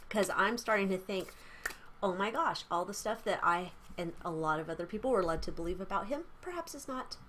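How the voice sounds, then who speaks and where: A woman's voice: fairly low pitch, a little fast, a bit bright, slight background noise. A young adult woman hosting a casual tarot reading vlog from a small room at home, rambling and giggly. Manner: chatty, rambling, giggly asides. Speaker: tarot reader. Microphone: camera mic.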